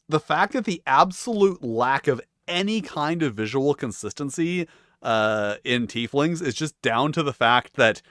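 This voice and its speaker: A man's voice: medium pitch, fairly bright tone, no room sound, clean studio sound. A man hosting a tabletop game video, chatting casually in a rambling, self-mocking way with frequent swearing. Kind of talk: casual chat.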